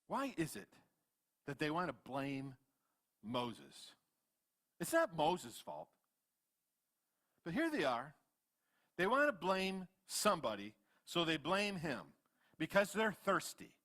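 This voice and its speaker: A man in his fifties, a pastor preaching a sermon in church, swinging between loud animated retellings and quiet asides. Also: on the high side, slow pace, long pauses. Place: church sanctuary.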